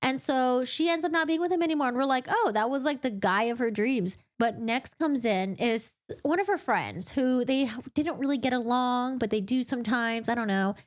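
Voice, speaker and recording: A young woman gives a casual, rambling recap of a novel to her viewers. She giggles often and jumps into playful voices for the characters. Her voice sits a little above the usual pitch for a woman. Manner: chatty, giggly, acts out characters in quick put-on voices. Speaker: book channel host.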